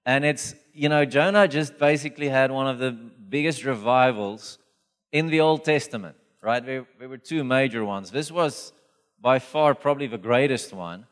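A man preaching a sermon as pastor, in a conversational, animated storytelling manner with acted quotes. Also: medium pitch, normal speed. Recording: reverberant hall.

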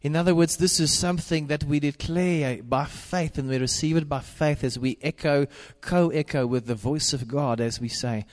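A man's voice: on the high side, darkish tone, long reverb tail. A man preaching a sermon, repeating declarations in a rhythmic, emphatic cadence.

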